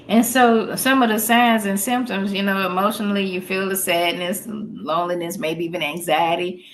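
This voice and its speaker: A middle-aged woman, a therapist on a podcast, talks casually about grief in a folksy, chatty manner that breaks into easy laughs. Her medium-pitched voice is fairly even and moves at a moderate pace with hardly any pauses. The recording is rough, with a little hiss or hum.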